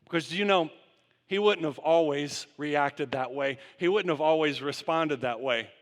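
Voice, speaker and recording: A man with a slightly high voice preaches unhurriedly as pastor, posing long runs of rhetorical questions to his congregation. It's recorded in a church sanctuary with long reverb.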